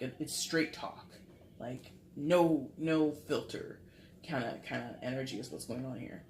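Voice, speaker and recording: Speaking in a low, slightly mellow voice, a woman rambles through a casual tarot reading to camera, full of filler words. Recorded on a camera mic, the audio has a roomy echo and a bit of background noise.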